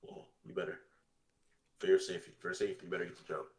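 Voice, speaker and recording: A man's voice: deep voice, fairly even intonation, very fast, darkish tone. A man in casual chat while gaming, teasing his friends with mock-menacing banter.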